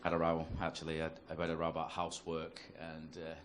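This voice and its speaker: A man from North-West England with a Northern English accent and a very deep, completely flat, fast voice performs stand-up into a handheld mic at a comedy club. He tells sweary, conversational stories, and the noisy live recording carries audience laughter.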